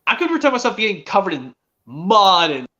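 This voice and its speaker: Animated bright-voiced teenage boy streamer. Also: high-pitched, normal speed, dull audio. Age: teens. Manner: rambling, eager, restarts often. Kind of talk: casual chat.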